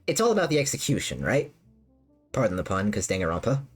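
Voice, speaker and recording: A woman's voice: very deep voice, big pitch swings, quick pace, husky. A woman streamer chatting casually with her live chat, rambling and repeating herself with lots of fillers. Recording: faint music behind.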